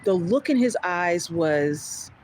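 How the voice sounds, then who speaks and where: Animated woman telling a story. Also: on the low side, slow, a little hiss or hum, poor audio. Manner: animated, retells events with quoted back-and-forth dialogue; laughs often while talking. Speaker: livestream host telling a story. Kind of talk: casual storytime chat.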